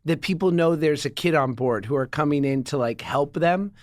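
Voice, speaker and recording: Wry joking man, slightly high voice. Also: moderate pace, no echo. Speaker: podcast co-host. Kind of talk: casual chat.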